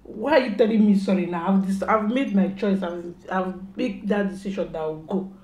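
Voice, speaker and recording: A woman's voice: medium pitch, normal speed, a little mellow, lo-fi sound, slight background noise. Mock-stern mother scolding in an echoey room. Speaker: mother and vlogger. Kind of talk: casual family prank talk. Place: home.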